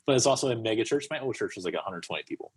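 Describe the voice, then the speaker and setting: Husky man telling a lively story. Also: fairly low pitch, rapid-fire. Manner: animated, acts out quotes. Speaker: podcast guest. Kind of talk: casual storytelling conversation.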